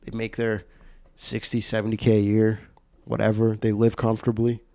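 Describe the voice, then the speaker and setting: A man hosting a comedy podcast, telling stories in a rambling, profane, animated way full of restarts. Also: fairly low pitch, moderate pace. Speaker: podcast host. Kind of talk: casual comedic chat.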